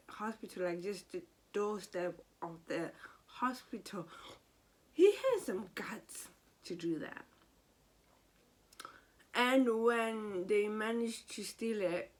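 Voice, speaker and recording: Slow-talking woman recapping. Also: mid-range voice. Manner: animated, exasperated. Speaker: soap opera recap vlogger. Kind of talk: casual episode recap.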